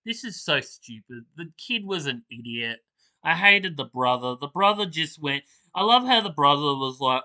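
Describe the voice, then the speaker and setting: A man's voice: on the high side, big pitch swings, normal speed, bright, forceful tone, rough recording. A man hosting a reaction video, ranting bluntly and with exasperation in casual commentary.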